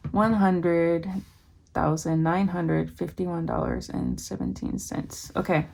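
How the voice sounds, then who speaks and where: A young adult woman talking candidly to camera in a casual home vlog, thinking aloud and reading figures slowly. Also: low voice, wildly swooping pitch, creaky, noisy background. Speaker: vlogger.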